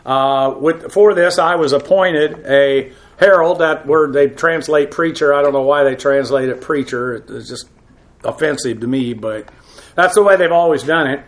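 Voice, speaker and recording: A man who is a pastor, teaching a verse-by-verse Bible lesson in a halting way, full of uh fillers, with frank, blunt asides. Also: on the high side.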